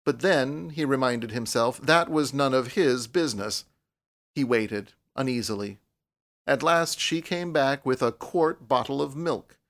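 A man speaking at a medium pitch narrates an audiobook from a script, his storytelling measured and even.

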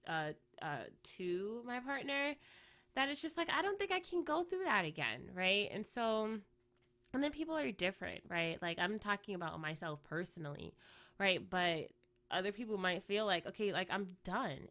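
A woman's voice: mid-range voice, big pitch swings, moderate pace, a bit bright. A woman hosting a podcast in casual, rambling reflective chat, fighting off a cough and often checking in with "right?". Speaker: podcast host.

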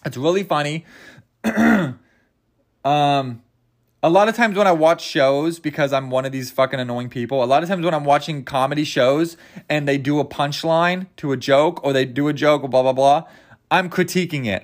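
A man's voice: fairly high pitch, moderate pace. Rambling jokey young man. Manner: rambling, jokey, stumbles over words. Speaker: podcast host. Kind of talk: casual solo podcast chat.

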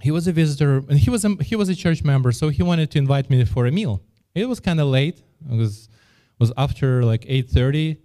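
A man preaches a sermon in a warm, mellow voice that sits a little high for a man. He speaks earnestly and often stumbles over and repeats his words as he restarts a phrase. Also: lively intonation, a little fast, few pauses. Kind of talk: sermon with a personal story.

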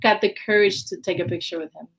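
A woman's voice: mid-range voice, fairly even intonation, fast talker, gravelly, husky. A woman, a ballet dancer, chatting as an interview guest and acting out her own past reactions with lots of fillers. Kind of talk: casual interview storytelling.

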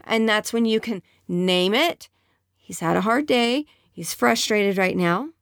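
A woman's voice: medium pitch, unhurried, vocal fry, a bit bright, no room sound. Earnest woman giving advice, dry sound. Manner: earnest, conversational, emphatic. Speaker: relationship advice speaker. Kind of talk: advice talk to women.

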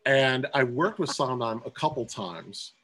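Guy guest telling stories, mid-pitched, gets excited doing quotes. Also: unhurried, breathy edge, low-quality recording. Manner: excitable storyteller, acts out quotes. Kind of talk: casual storytelling.

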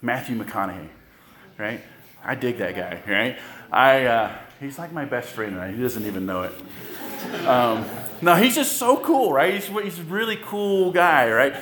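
Animated pastor preaching in an echoey room. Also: male voice, mid-range voice, unhurried. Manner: conversational, animated storytelling with asides to the congregation. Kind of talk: sermon.

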